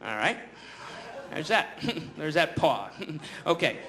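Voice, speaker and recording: A man's voice: a little high, sing-song, slow pace. A man doing a stand-up comedy set on a live stage, rambling through a story full of fillers and restarts. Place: live theater stage before an audience. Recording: live show with loud crowd noise.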